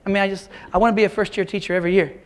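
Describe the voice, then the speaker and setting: Talking very fast in a high voice with a level tone, a middle-aged Kansan gives a keynote in a large auditorium. He tells motivational stories and folksy jokes, speaking straight to the crowd.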